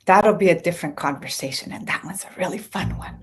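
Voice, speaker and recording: A woman's voice: fairly low pitch, fast talker, a crowd in the background. A woman guest author on a radio interview, speaking in an earnest, heartfelt way.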